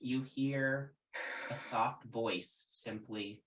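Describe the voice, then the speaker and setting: A man running a tabletop game as game master, talking in a halting way with many ums and restarts. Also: mid-range voice, expressive, bright, forceful tone, echoey room, low-quality recording. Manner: hesitant, full of ums and restarts.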